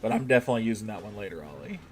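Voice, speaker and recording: A man's voice: on the low side, animated, racing, faint music behind. A man chatting casually on a live game stream, joking with his chat and swearing now and then.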